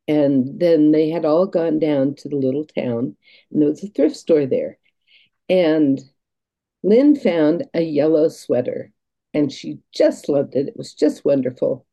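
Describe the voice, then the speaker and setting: Low, gravelly woman telling stories. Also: dark tone, muffled recording. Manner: earnest, halting, with laughs and restarts. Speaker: guest. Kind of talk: reflective storytelling.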